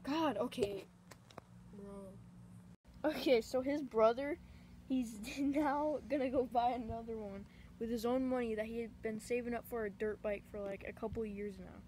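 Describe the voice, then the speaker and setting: A teenage girl filming a casual home video, excited and laughing as she bosses the others around. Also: on the high side, normal speed. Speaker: vlogger filming. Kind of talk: casual chat. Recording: noisy home phone recording.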